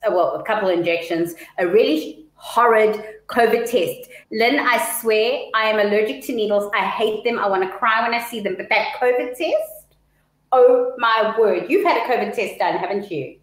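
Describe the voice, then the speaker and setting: A woman co-hosting a casual live-stream chat, telling stories in an animated, dramatic way. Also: mid-range voice, normal speed. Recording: echoey room.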